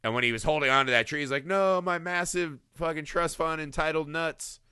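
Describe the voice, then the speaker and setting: A man co-hosting a casual movie review chat, talking in an animated way, acting out lines from scenes, laughing often and swearing. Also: on the high side, brisk, clean tone, no echo, clean studio sound. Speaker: podcast co-host.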